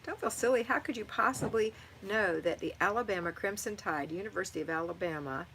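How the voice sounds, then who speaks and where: A woman's voice: medium pitch, a little fast, a bit bright, a little hiss or hum, rough recording. A middle-aged woman hosting a live stream, reading viewer comments aloud and giving encouraging, motherly advice. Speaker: livestream host answering viewer chat.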